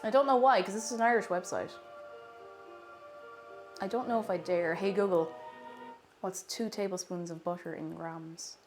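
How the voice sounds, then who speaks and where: A woman's voice: lowish voice, moderate pace, pauses often. A woman live-streaming from her home kitchen while baking, chatting playfully and humming and singing to herself. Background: music.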